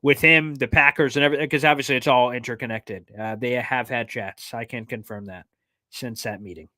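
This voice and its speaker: A man hosting a casual sports livestream, answering fan questions in an excitable, jokey way with plenty of fillers. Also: medium pitch, no room sound, studio quality. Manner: excitable, jokey, fast-talking with many fillers. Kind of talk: casual live chat reading fan questions.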